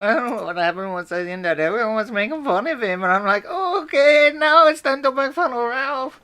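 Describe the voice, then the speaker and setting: Someone doing a cackling smug internet brat. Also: female voice, fairly high pitch, expressive, a little fast, pushed and bright. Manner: sing-song, cackling, self-satisfied. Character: smug bratty internet personality mocking a streamer. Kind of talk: comedic impression on a livestream.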